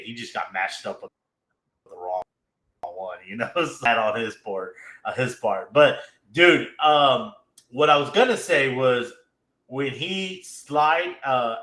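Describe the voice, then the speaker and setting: A man hosting a casual anime podcast, recapping an episode with lots of fillers, laughter and sudden bursts of excitement. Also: mid-range voice, roomy sound. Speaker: podcast host.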